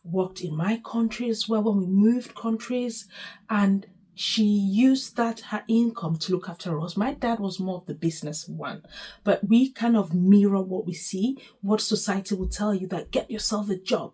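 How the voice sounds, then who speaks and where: A woman's voice: mid-range voice, normal speed, dark tone, breathy edge. A woman in her forties from Nigeria with a Nigerian accent, telling her own life story to camera in a candid, emotional, straight-talking way. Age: 40s. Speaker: vlogger.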